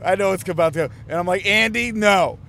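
A man's voice: sits high, fairly even intonation, very fast, slight background noise. A man from a touring band's crew telling a rambling, profane road story in a casual chat inside a moving van. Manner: rambling, profane, self-mocking. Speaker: touring band crew member.

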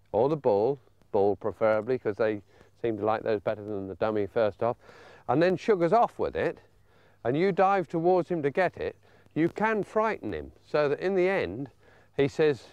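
An older English man with a genial, chatty manner, explaining dog training and coaxing a pup in a high sing-song. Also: a little mellow, smooth, no room sound. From England. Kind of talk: outdoor training demonstration.

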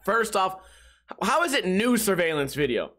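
A man's voice: high voice, very animated, moderate pace, fairly bright tone. A man hosting a podcast alone, rambling and joking, often trailing off with "like". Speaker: podcast host. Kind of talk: casual solo podcast rant.

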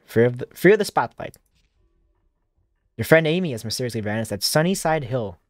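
A man's voice: mid-range voice, lively intonation, a little fast. A man casually commenting to himself while playing a horror game, rambling with many fillers and restarts. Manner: rambling, self-talking, lots of fillers and restarts. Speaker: streamer playing a horror demo disc. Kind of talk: casual let's-play commentary.

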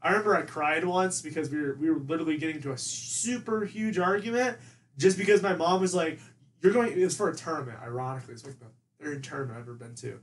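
A young man guest on a casual podcast, rambling through family stories with lots of "like" and imitating his mom. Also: fast talker. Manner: rambling, heavy use of "like", mimics his mom in a higher voice. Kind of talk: casual storytelling chat. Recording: distant mic with faint ambient noise.

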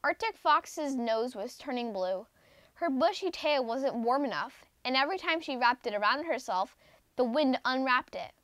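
A woman with a high voice reading a children's picture book aloud, gentle and expressive. The sound is dry and close, with no room around it. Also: normal speed, no echo.

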